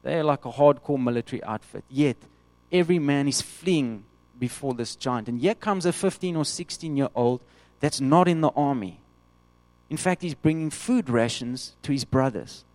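Guy preaching, animated, does little voices for quotes, dry close sound. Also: medium pitch, moderate pace, no room sound. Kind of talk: sermon.

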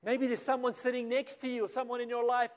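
Man, South African accent, preacher, very high voice, storytelling sermon, long hall reverb. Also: completely flat delivery, fast. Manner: storytelling with acted-out quotes, builds then drops to quiet.

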